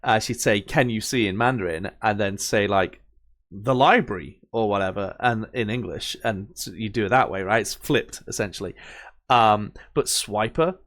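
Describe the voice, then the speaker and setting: A man's voice: fairly low pitch, normal speed, a bit bright. A young man casually commenting while playing a game, rambling off on tangents with lots of fillers. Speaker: gamer reading and commenting on a game. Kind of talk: let's play commentary.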